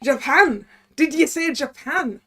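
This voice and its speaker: A woman voicing a gruff, hostile male prison governor in a put-on Scottish accent, blustering and threatening. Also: high voice, animated, takes it slowly, sharp tone, slight background noise, full character voice. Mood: gruff, suspicious.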